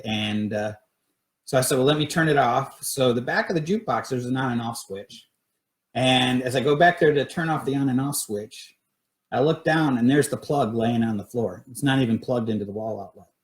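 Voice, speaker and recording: A man's voice: medium pitch, reverberant. A man casually recounting a personal story on a livestream, rambling with many fillers and restarts. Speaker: paranormal research group director.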